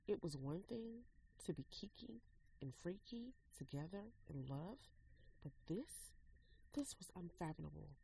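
A woman, the author, reading an excerpt from her own novel in measured narration. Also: fairly low pitch, big pitch swings, vocal fry, warm tone, slight background noise, rough recording. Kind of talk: dramatic story reading.

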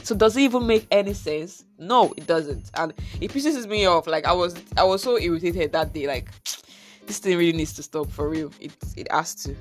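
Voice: medium pitch, normal speed, soft background music. A vlogger with a Nigerian accent telling a casual, exasperated story and dropping in pidgin slang.

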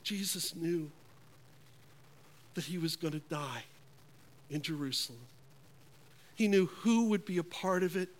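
Slow, earnest high-voiced preacher man. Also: animated. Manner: slow, earnest preaching with dramatic hushed drops. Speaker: pastor. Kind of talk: sermon.

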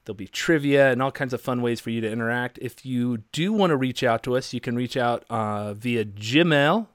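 A man's voice: mid-range voice, normal speed, no echo, studio quality. A man in his thirties co-hosting a podcast, talking in a rambling, jokey way. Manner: rambling, jokey, lots of fillers. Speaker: podcast co-host. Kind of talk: casual podcast chat.

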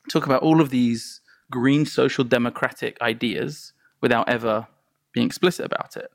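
A filmmaker telling animated stories in a conversation, acting out crowd reactions and laughing along. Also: male voice, medium pitch, normal speed, creaky, no echo, clean studio sound. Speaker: filmmaker and guest.

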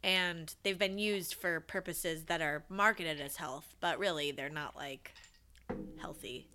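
Bright-voiced chatty woman co-host. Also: deep voice. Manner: chatty, full of fillers, quick to laugh. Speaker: podcast co-host. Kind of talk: casual chat.

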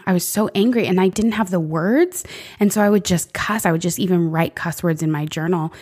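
A woman with a low voice talks through matters of faith in an earnest, reflective way. She weaves scripture into a relaxed conversation. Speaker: podcast co-host.

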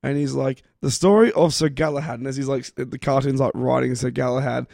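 A man's voice: medium pitch, fairly even intonation, fairly quick, vocal fry, a little mellow, dry recording, clean studio sound. A man with an Australian accent, co-hosting a podcast in casual banter, swearing and retelling scenes with silly voices. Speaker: podcast co-host.

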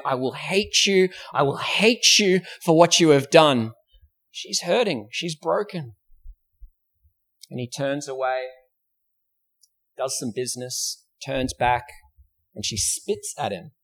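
A male pastor with an Australian accent, preaching a sermon in a church, telling a story and posing rhetorical questions. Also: mid-range voice. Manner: storytelling preacher, acts out quoted voices.

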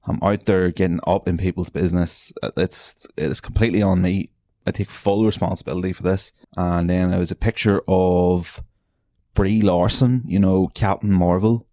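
An Irish man hosts a podcast from his bedroom, delivering a casual monologue in a low, warm voice with fairly even intonation at a normal speed. The recording is dry, and he rambles through a story full of swearing and self-mockery.

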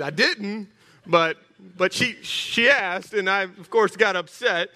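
Bright-voiced preacher with a high pitch. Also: male voice, takes it slowly, long reverb tail. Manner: animated, humorous, rallying the congregation. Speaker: pastor. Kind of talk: sermon. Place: church hall.

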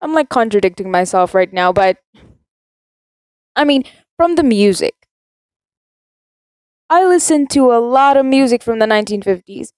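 With a slightly high, expressive voice that is clear, resonant and a little mellow, a South African teen hosts her podcast at a normal pace, pausing often. She rambles chattily and contradicts herself in a casual rant, with no room sound.

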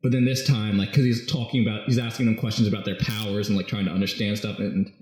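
A man's voice: on the low side, level tone, fast, a little mellow. A man casually recapping a movie script as a podcast host, rambling and jokey, full of fillers. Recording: very echoey room.

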